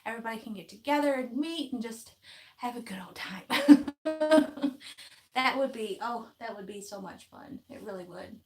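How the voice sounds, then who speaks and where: A woman's voice: on the high side, moderate pace. Folksy woman, craft vlogger, easygoing live-stream chatter with frequent laughs. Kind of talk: casual live-stream chat, reading viewer comments.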